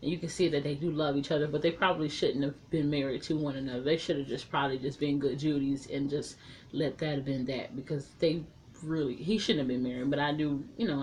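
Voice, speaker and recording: Low voiced woman chatting thru a tv recap, swears a lot, faint hiss behind. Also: a little mellow. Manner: frank and chatty, swears freely, acts out quotes. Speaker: TV episode reviewer. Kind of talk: casual spoken recap and review.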